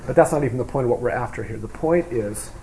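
A man preaching a sermon, reading scripture aloud and explaining it, moving between loud emphatic reading and quiet, low asides. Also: fast talker, creaky. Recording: echoey room with faint hum.

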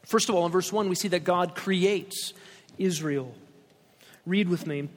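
High-voiced preaching man, echoing hall. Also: measured pace. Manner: emphatic, reads scripture aloud with rising stress. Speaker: pastor. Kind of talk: expository sermon.

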